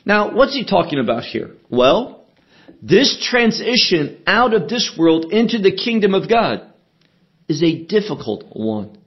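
A man teaching a sermon verse by verse, deliberate and emphatic, asking rhetorical questions as he explains the text. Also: sits high, sing-song, muffled recording. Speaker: Bible teacher.

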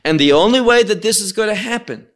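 A man's voice: sits high, lively intonation, a bit bright. A man teaching through a Bible passage verse by verse, explaining Hebrew words and asking rhetorical questions. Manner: slow, deliberate, with rhetorical questions. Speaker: messianic teacher.

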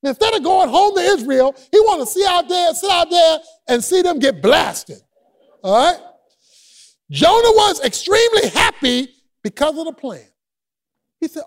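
A man preaches with humor and loose, everyday grammar. His voice sits high and swings widely in pitch. He bursts into shouts, then drops almost to a murmur. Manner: casual vernacular grammar. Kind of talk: sermon.

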